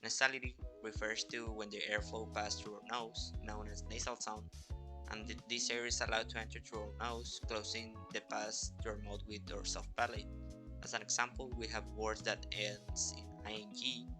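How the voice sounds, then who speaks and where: A man's voice: on the low side, flat delivery, moderate pace. A young man presenting a class project, reading plain explanatory notes as a voice-over. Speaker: student presenter. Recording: music bed under voice.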